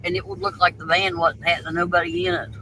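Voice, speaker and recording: A man's voice: high voice, little pitch movement, fast talker, pushed and bright, a little hiss or hum, poor audio. A middle-aged man on a call, chatting casually in a shrugging, plainspoken, folksy way. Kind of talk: casual chat.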